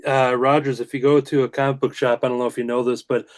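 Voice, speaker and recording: A man with an everyday mid-range voice, talking casually as a guest on a video call. He tells his stories in a loose, rambling way, stopping to restart and filling pauses with "uh" and "um.". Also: medium pitch, little pitch movement. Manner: rambling storytelling with many fillers and restarts. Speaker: guest comic creator. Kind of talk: casual chat.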